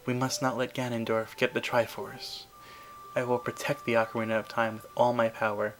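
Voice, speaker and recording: An earnest young princess speaks gravely and formally, as a man reads her lines. She delivers game dialogue with quiet determination. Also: mid-range voice, little pitch movement, fairly quick, faint music behind, natural voice, poor audio.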